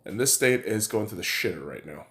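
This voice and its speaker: Recording in an echoey room in Nevada, a podcast host delivers a heated, sarcastic monologue full of swearing. His voice is on the low side, expressive, brisk, and fairly bright.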